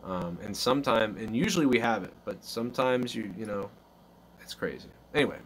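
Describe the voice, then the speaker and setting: A man's voice: lowish voice, expressive, a little fast, a bit bright, slight background noise. Rambling male stream host. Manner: loose, rambling, acts out little quotes. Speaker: host of a live call-in stream. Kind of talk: casual chat.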